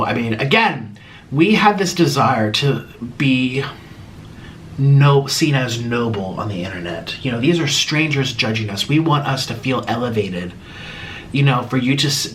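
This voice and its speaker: Young man, casual vlog host, very lively pitch, dramatic, faint background hiss. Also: moderate pace. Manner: animated, dramatic swings between exasperated and mocking. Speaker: YouTuber hosting a Q and A. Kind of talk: casual vlog talk to camera.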